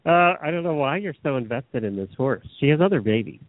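A man co-hosts a radio talk show and ribs his partner with a wry, teasing delivery. His voice is fairly high for a man. The sound is dry and thin, like a phone line. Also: no room sound. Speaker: radio co-host. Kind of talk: casual radio chat.

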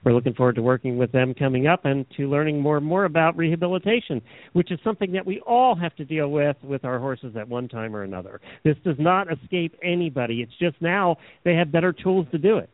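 An upbeat male host guides a radio show in a smooth presenter's way. His slightly higher voice comes through a narrow, phone-like band, dry and close. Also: fast talker, no echo. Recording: tinny phone-like radio sound.

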